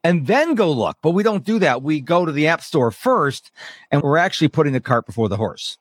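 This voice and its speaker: Middle-aged male guest, brisk and animated, fairly high voice, dry close mic. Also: slightly rough, no echo. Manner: animated, quotes people in lively voices. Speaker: productivity coach, podcast guest. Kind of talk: casual interview talk.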